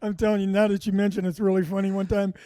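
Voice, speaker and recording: A man and comedian chatting casually, with quick reactions and rambling anecdotes. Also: high-pitched, level tone, mellow, no echo. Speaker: comedian, podcast co-host. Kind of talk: casual chat.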